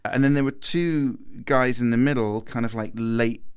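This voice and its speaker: A man's voice: mid-range voice, steady tone, normal speed, clean tone. A man in his thirties, a podcast guest, telling a story casually and animatedly, laughing often.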